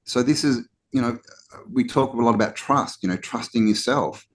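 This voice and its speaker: Animated man co-hosting a talk show. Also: medium pitch, moderate pace. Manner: animated, acts out mock quotes, many "you know" restarts. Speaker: podcast co-host. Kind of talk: casual conversational talk.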